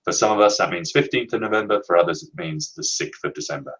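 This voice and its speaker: A man presenting a leadership training webinar, explaining in a measured, emphatic way and slowing down to stress key words. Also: on the low side, expressive, a bit bright, rough recording.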